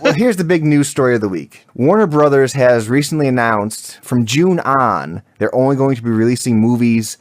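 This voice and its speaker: A man's voice: mid-range voice, moderate pace, hardly any pauses. A man hosting a casual gaming podcast, reading news items aloud and riffing on them with his co-hosts. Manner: reads news items, then riffs. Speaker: podcast host.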